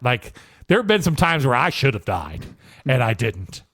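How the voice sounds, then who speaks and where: A man co-hosting a casual podcast, telling a story with lively asides and frequent "okay?" check-ins. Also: mid-range voice, normal speed, no echo. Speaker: podcast co-host.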